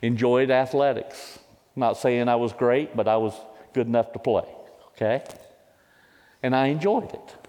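A man in his fifties delivers a sermon as personal testimony, pressing hard and rising into loud, pleading cries. His voice has an ordinary middle pitch for a man. It carries a long reverb off the walls of a large hall. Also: unhurried. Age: 50s. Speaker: preacher.

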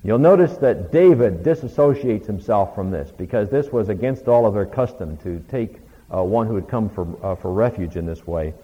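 A man with a low voice teaches a Bible class in an easy, conversational way, retelling the stories and acting out bits of dialogue. The recording is dull and lo-fi, with a long reverb trailing off in a big room. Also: animated, normal speed.

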